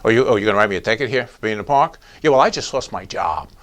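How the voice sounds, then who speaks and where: A man's voice: on the low side, expressive, a bit bright. A man voicing an angry citizen who just lost his job and sneers at an officer writing him a ticket. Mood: sarcastic, exasperated. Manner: sarcastic, exasperated, fast.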